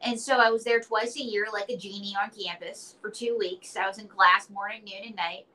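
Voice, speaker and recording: A woman's voice: medium pitch, steady tone, moderate pace, sharp tone, poor audio. A woman being interviewed, chatting casually and telling stories with playful acted quotes. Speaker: interview guest, entertainer and author.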